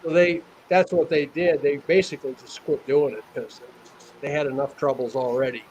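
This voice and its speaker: A man's voice: fairly high pitch, steady tone, normal speed, darkish tone, lo-fi sound, a little hiss or hum. An older man, a scientist guest, talking casually in an interview and telling a rambling joke with many repeated words.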